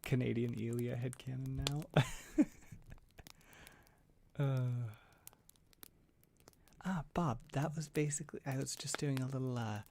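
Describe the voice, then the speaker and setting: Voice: mid-range voice, fairly even intonation, measured pace, creaky, long pauses, darkish tone, slight background noise. A young adult livestream host chatting casually with viewers, laughing often and restarting sentences.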